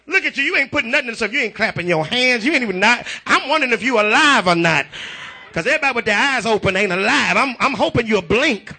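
A man preaching a revival sermon in a church, using call-and-response and breaking into shouts. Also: extremely high pitch, lively intonation, fast talker, slightly rough. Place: church sanctuary.

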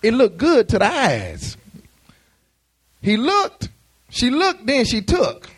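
High-voiced preacher. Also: male voice, wildly swooping pitch, slow pace, breathy edge. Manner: conversational preaching with many restarts and call-and-response. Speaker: pastor. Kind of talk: sermon.

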